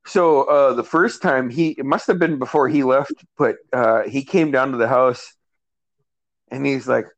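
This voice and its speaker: A man in his forties hosting a casual chat, swearing freely and retelling old stories with lively quoted lines. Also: mid-range voice, measured pace, dry recording. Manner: profane, animated when retelling stories, lots of quoted voices. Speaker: podcast host.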